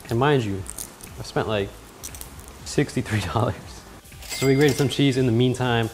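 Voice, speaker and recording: Male cooking-vlog host, mid-pitched, wisecracking and self-deprecating, prone to sudden yells, light music bed. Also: moderate pace. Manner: joking, self-mocking, with loud startled outbursts. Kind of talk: casual cooking vlog narration.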